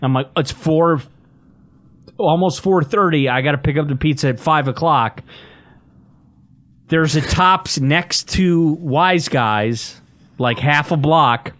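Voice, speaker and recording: A man's voice: on the high side, slow pace, long pauses, a bit bright. A man, co-hosting a podcast and rambling through a complaint with lots of fillers. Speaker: podcast co-host. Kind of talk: casual podcast chat.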